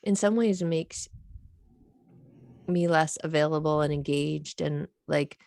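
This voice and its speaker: Thoughtful low-voiced woman podcaster. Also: takes it slowly, gravelly, a little mellow, dry recording. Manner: thoughtful, quotes others animatedly. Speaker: podcast co-host. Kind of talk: casual conversation.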